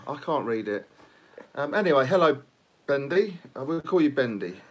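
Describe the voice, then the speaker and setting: Guy on a live stream, husky, swings his pitch around a lot, cheeky and sweary. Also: big pitch swings, moderate pace. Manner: teasing, mangles viewers' names, swears freely. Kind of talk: casual live stream chat.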